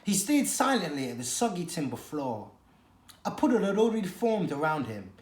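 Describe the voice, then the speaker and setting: Expressive storyteller reading aloud. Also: medium pitch, normal speed. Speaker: teacher. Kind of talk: reading a children's novel aloud. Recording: echoey room.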